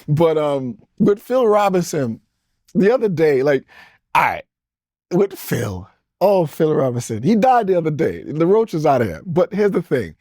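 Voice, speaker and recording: A man's voice: fairly high pitch, sing-song, moderate pace, a little mellow, dry recording, studio quality. A man in his forties, originally from the Caribbean, talking as an interview guest in a loose, rambling way that jumps between topics and is broken up by chuckles. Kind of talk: casual storytelling interview.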